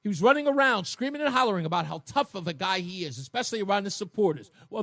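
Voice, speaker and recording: A man's voice: sits high, animated, fast, hardly any pauses, fairly bright tone, dry recording. A male talk radio host giving an emphatic, mocking monologue that repeats its points from a studio.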